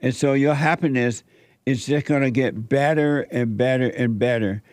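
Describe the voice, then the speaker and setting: A man's voice: mid-range voice, moderate pace, a little mellow, no echo. Man, middle-aged, call-in host, blunt, preachy, repetitive commands, dry voice. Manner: firm, preachy, repeats short commands. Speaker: radio call-in host giving life advice. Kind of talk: blunt spiritual counselling on a call-in show.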